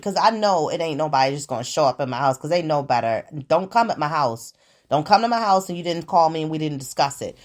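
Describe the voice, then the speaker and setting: A woman hosts her own show and talks straight to her listeners in a casual, sassy monologue full of swearing. Her pitch swings widely from line to line, and she tells her stories with lots of attitude. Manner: profane, animated, sassy storytelling. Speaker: podcast host.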